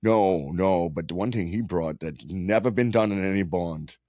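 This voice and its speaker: A man co-hosting a podcast in casual chat, rambling and profane, with lots of halting restarts. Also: sits low, mellow, no room sound, clean studio sound. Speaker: podcast co-host.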